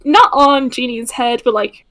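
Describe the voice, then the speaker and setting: Casting: woman player, high, slow, hesitant role-play narration. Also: fairly bright tone. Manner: hesitant, full of fillers.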